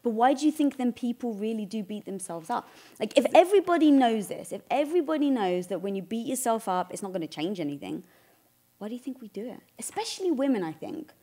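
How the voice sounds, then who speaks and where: A woman's voice: a little high, very animated, fast, dark tone. A woman co-hosting a casual talk show, thinking aloud and asking her guest questions. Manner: talks things through, asks questions. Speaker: co-host. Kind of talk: casual chat.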